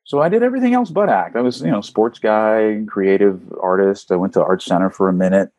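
A man, a voice actor, talking casually in an interview, telling animated stories and swooping up in pitch for emphasis. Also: fairly quick, no room sound. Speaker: voice actor guest.

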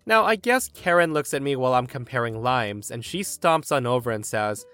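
A young man hosting a podcast, telling a story in a lively, exasperated way. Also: medium pitch, normal speed, no echo, soft background music. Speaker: podcast host reading a story. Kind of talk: storytelling narration.

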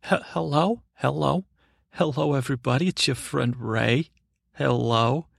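A man playing a sweet, slow, gentle man who rambles dully on a comedy podcast. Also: mid-range voice, gravelly, husky, dry recording, studio quality, exaggerated voice. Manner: meandering, rambling and dull. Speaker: recurring comedy character. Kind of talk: improvised comedy podcast bit.

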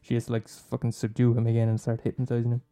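Swearing Irish man rambling, very dark voice. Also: mid-range voice, completely flat delivery, very fast. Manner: swearing, laughing, teasing, self-mocking. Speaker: podcast host recommending films. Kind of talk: casual rambling monologue.

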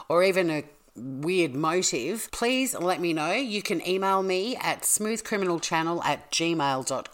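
A woman's voice: sits low, a bit bright. A woman hosting a true-crime podcast, chatty and playful, correcting herself as she goes. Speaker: podcast host.

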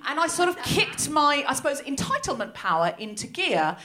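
Lively Australian woman doing stand-up. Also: high-pitched, normal speed, hardly any pauses. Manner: animated storytelling, acting out the people she quotes. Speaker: comedian and host. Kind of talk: stand-up comedy set. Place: live venue before an audience.

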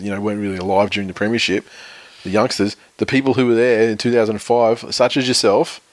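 A man's voice: lowish voice, dry recording. A man with an Australian accent chatting casually about sports, rambling and opinionated, swearing freely.

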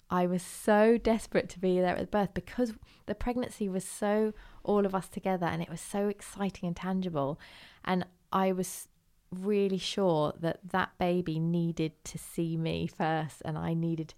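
A woman interview guest telling her own story candidly, lively, putting on voices when she quotes others. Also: on the low side, moderate pace, hardly any pauses. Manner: animated, does voices of others when quoting.

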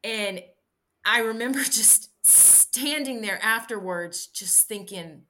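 A woman guest in an interview, recounting a personal story in a halting, candid way with many restarts. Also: medium pitch, pushed and bright, slight background noise. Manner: halting, frequent restarts and fillers. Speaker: interview guest, bikepacking racer.

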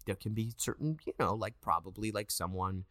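An actor in his thirties, appearing as an interview guest, chats casually and tells stories with lots of animation, acting out quotes in a higher voice. He talks fairly quickly. The sound is clean studio audio with no echo.

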